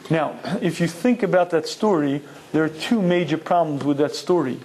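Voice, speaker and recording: A man's voice: on the high side, moderate pace, few pauses, darkish tone, a little hiss or hum. A man giving a Torah lecture, emphatic and full of rhetorical questions, dropping in Hebrew terms. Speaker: Torah teacher.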